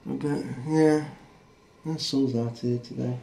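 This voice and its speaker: A man's voice: mid-range voice, fairly even intonation, slow, gravelly, warm tone. A middle-aged man with a Northern English accent, rambling in a casual, blunt and sweary vlog. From Northern England. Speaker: vlogger. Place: rural home in a small town.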